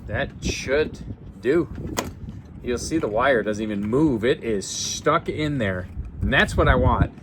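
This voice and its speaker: A man's voice: medium pitch, animated, slow, noisy background. A man chatting casually as he fixes an RV outdoors, rambling and often correcting himself. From United States. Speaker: RV repair vlogger. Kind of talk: casual how-to vlog.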